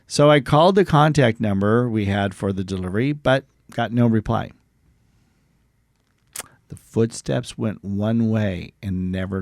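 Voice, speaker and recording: A man's voice: mid-range voice, vocal fry, no echo, clean studio sound. A man co-hosting a podcast, casually retelling true stories, joking and laughing, sometimes stumbling over words. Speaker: podcast co-host.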